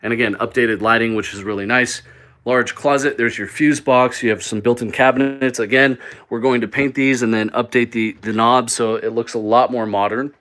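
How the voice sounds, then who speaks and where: Man, mid pitch, casual live walk-through host, chatty and rambling, phone mic indoors. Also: steady tone, moderate pace, a bit bright. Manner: upbeat, rambling, many fillers and restarts. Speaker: mobile home flipper hosting a live stream. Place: indoors in a small mobile home.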